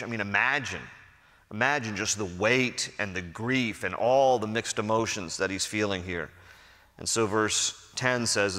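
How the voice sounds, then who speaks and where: A man's voice: lowish voice, sharp tone. A man with an American accent, a pastor preaching a conversational sermon who acts out the characters' lines. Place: large church sanctuary. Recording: long hall reverb.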